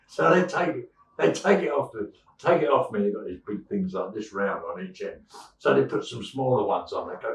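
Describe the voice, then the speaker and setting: A man in his seventies co-hosting a podcast, rambling through bawdy stories. His voice is gravelly and lively, leaping up and down in pitch. He sits away from the mic in an echoey room. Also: normal speed, distant mic. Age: 70s. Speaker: podcast co-host. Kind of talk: casual chat, storytelling.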